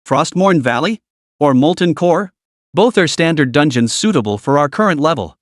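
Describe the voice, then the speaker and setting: A man voicing a reserved young woman student who speaks softly and calmly in a storybook recap. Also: fairly high pitch, moderate pace, no echo, studio quality, natural voice. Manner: soft, composed.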